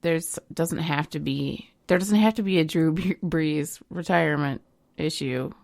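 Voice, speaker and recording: A woman with a low, gravelly voice and some vocal fry, talking on a podcast. She speaks in a measured way and gently scolds, hedging with fillers. The sound is close and dry. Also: no echo. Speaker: podcast co-host. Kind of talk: casual podcast chat.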